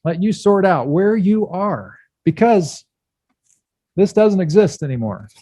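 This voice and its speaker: A male pastor giving a candid sermon, speaking with pauses and restarts. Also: sits high, lively intonation, mellow, dry recording. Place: church.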